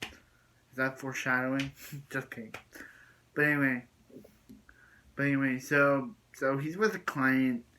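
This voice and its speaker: Bright-voiced man rambling through a recap. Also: mid-range voice, steady tone, measured pace, pauses often, low-quality recording. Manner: rambling, repeats and restarts phrases. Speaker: video reviewer. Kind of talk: casual episode recap.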